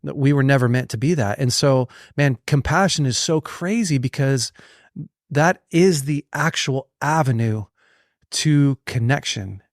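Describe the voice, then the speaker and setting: A man's voice: medium pitch, a little slow, dry recording. Earnest storytelling man, dry sound. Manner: earnest, storytelling, frequent restarts. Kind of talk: casual conversation about faith.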